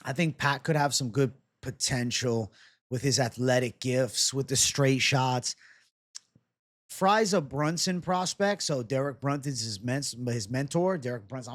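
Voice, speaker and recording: A young man casually breaking down fight predictions and betting odds on his own show, joking and swearing as he goes. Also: medium pitch. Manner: casual, fast-talking, swears and jokes. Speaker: MMA betting analyst.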